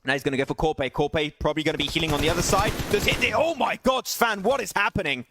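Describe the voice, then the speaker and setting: High, fast-talking young male esports caster. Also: over music. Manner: excitable, pitch jumps on big plays, laughs at himself. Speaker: esports caster streaming solo. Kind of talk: live game commentary with chat asides.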